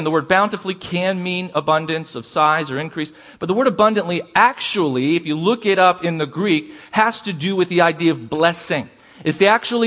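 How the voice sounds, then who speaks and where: A man preaching a sermon as pastor, asking the congregation for responses and slowing down to stress key words. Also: high voice, a bit bright.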